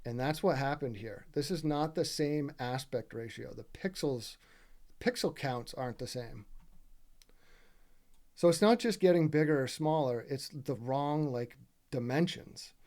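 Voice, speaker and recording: Mellow-voiced man, casual gaming commentary, heated and profane, keeps asking the viewer to agree. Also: mid-range voice, a little slow. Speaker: gaming video creator. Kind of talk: casual commentary over gameplay footage.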